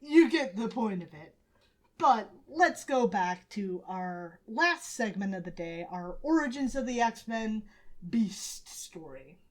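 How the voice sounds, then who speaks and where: A woman co-hosting a podcast, recapping comics in lively casual banter, swearing and acting out characters' lines. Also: mid-range voice, takes it slowly. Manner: lively storytelling, swears, acts out quotes. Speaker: podcast co-host.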